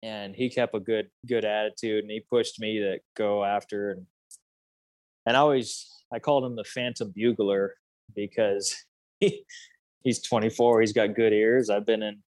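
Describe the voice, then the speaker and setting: A man's voice: on the low side, steady tone, normal speed, a little mellow, no echo. A man in his thirties casually telling a hunting story, rambling with many fillers and restarts. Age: 30s.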